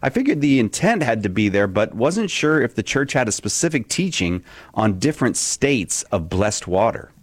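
A man's voice: medium pitch, big pitch swings, normal speed, dry recording. A man sitting in as host of a call-in show, chatting casually and joking at his own expense, often laughing. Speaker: guest host. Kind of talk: casual radio call-in chat.

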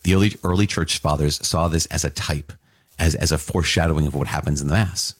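Guy with a really deep husky voice getting all excited about scripture, dry close sound. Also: fast, dry recording. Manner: excited and marveling, with casual asides. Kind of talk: enthusiastic scripture reflection.

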